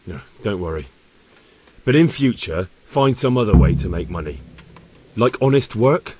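An actor playing an earnest young commoner in a medieval video game, polite and plain-spoken. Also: male voice, lowish voice, expressive, normal speed, mellow, slight background noise, close to an everyday voice.

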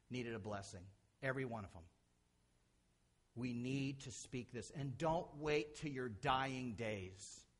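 A middle-aged man preaching a sermon as a pastor, animated, acting out quotes and shifting from loud to soft. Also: medium pitch.

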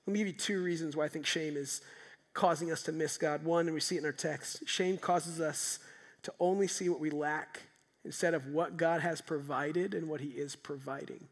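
High-voiced preacher in a reverberant hall. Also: male voice, normal speed. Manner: animated, rising to loud emphatic peaks then dropping soft. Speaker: pastor. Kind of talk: sermon. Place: church sanctuary.

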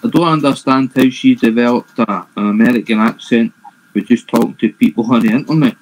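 A man's voice: mid-range voice, poor audio. Puzzled man. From Scotland. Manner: puzzled, halting. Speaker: stream panelist. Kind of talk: casual chat.

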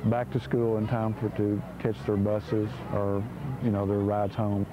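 A man's voice: on the low side, flat delivery, measured pace, crowd noise, rough recording. A man, earnestly explaining a creek education program in an interview, with frequent restarts. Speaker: program organizer. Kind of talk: documentary interview.

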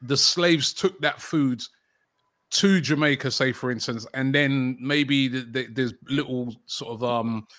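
Brief: middle-aged London man, talkative interview guest, mid pitch, dry close mic. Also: unhurried, a bit bright, no room sound. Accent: London English. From England. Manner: chatty, frequent fillers and restarts. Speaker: football channel host, interview guest. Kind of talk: casual interview conversation.

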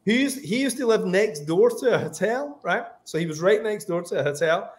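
A Scottish man, a comic book writer, rambles through anecdotes on a livestream video call, peppering his talk with "like" and "you know." His voice sits high and animated, moving at a normal speed in this casual chat.

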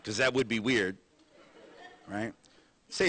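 A man giving a public university lecture in an animated, sarcastic, conversational way. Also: a little high, normal speed, pauses often. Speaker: guest lecturer.

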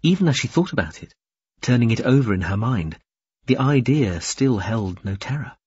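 A man narrating an audiobook in an expressive, varied reading. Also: medium pitch, moderate pace, slightly rough, no room sound, dull audio. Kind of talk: scripted narration.

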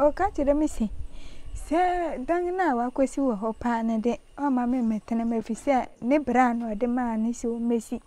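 Soft-spoken woman with a mellow voice. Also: high-pitched. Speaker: interviewee. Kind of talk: answering interview questions. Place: outdoors in a forest.

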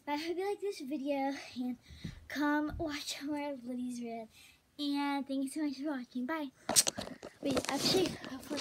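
Hohe, plaudernde Frauenstimme im Vlog. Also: female voice, high voice, moderate pace, heavy background noise. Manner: rambling, drops into soft whispery asides. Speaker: vlogger teaching gymnastics. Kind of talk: casual chatty tutorial vlog.

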